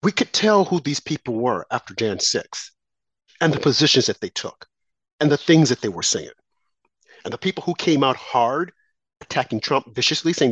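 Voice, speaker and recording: A woman's voice: deep voice, sing-song, moderate pace, pauses often, slightly rough, no room sound. A woman delivering a heated political opinion monologue as a commentator, sarcastic and mocking opponents in a sing-song voice. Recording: dull lo-fi sound.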